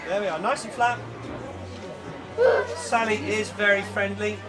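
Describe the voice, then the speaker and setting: A man's voice: sits high, steady tone, a little slow, over loud music. A man presenting spiders at an outdoor bug show, chatty and jokey as he explains facts to the people around him. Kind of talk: informal public talk. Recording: distant voice over loud crowd.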